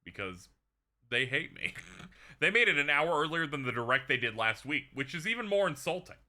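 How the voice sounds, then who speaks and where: A man's voice: a little high, very animated, brisk, bright, forceful tone. A man hosting a stream in casual chat, sarcastic and joking. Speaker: streamer host.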